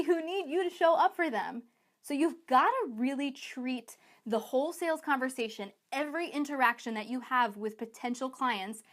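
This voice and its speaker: A woman business coach giving an online sales training talk in an energetic, emphatic, chatty way, acting out her clients in quick asides. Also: sits high.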